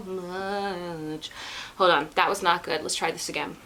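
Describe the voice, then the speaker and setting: A woman chatting casually in a vlog. She rambles, laughs easily and stays animated. Her voice is bright and clear. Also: on the low side, a little slow, slight background noise, low-quality recording. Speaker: vlogger. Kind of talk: casual chat.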